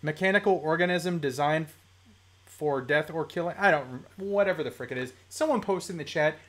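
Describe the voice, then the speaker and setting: A live-stream host talking casually about toy collecting at a home desk mic, chatty, mildly profane and quick to laugh. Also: medium pitch, fairly bright tone. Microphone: desk microphone.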